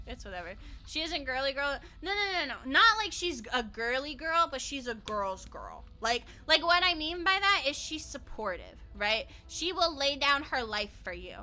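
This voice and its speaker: Bright, lively young woman streamer. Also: high voice. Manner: bubbly and chatty, swears casually, laughs often. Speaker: game streamer. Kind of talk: casual live-stream chat while playing.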